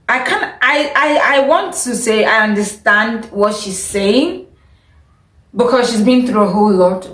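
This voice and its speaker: A woman's voice: mid-range voice, roomy sound, poor audio. A woman vlogging her opinions in a chatty, opinionated way, often breaking into laughter. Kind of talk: casual opinion vlog.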